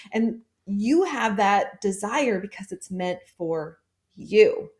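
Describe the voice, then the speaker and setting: A woman's voice: mid-range voice, a little slow. Encouraging woman guest on a podcast. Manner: encouraging, laughs easily. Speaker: guest sales coach. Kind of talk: podcast interview.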